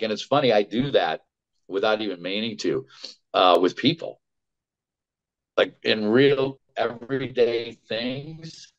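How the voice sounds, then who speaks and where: A man with a fairly low voice tells showbiz stories in a chatty, animated way, full of quick asides. He is a voice actor speaking as a guest. The sound is dull and lo-fi. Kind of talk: casual storytelling.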